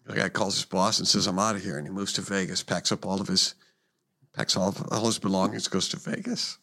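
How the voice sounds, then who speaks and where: A man's voice: deep voice, little pitch movement, fairly quick, vocal fry, bright, forceful tone. A man telling a joke in casual chat, acting out the characters as he goes.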